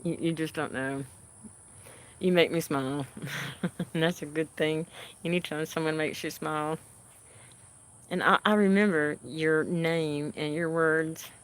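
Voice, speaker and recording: A woman whose voice sits low, with fairly even intonation and a smooth sound, is hosting a livestream. She answers viewers' comments in an unhurried, homey, casual way, often laughing softly.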